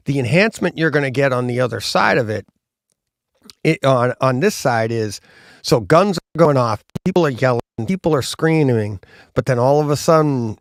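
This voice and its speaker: A male host with a gravelly, creaky voice talks casually and animatedly about movie sound. The recording is dry and close, with no room echo. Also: medium pitch. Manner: animated, acts out gunshot sounds. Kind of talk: casual chat.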